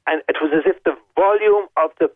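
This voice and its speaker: An Irish man rings in to a radio show and walks through his story step by step, stressing the key moments by repeating them. His voice sits a little high for a man. It comes through a tinny phone line with no room around it. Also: a little fast, no echo. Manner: vivid, detailed storytelling with emphatic repetition. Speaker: caller. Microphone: telephone.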